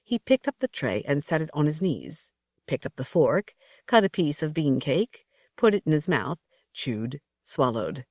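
A narrator reading a novel aloud in a measured storytelling manner. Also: medium pitch, big pitch swings, darkish tone, dry recording, studio quality. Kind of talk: audiobook narration.

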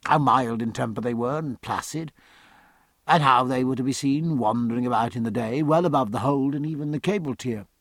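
A man reading a novel aloud with expressive, varied phrasing, close to the mic. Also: mid-range voice, fairly quick, no echo. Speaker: audiobook narrator. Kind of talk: scripted audiobook narration.

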